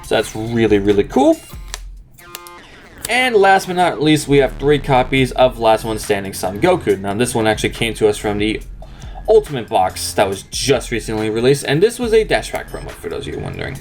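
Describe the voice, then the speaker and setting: With a medium-pitched, sing-song voice at normal speed, a young card game channel host explains a deck step by step over soft background music. His casual deck profile walkthrough is upbeat and chatty.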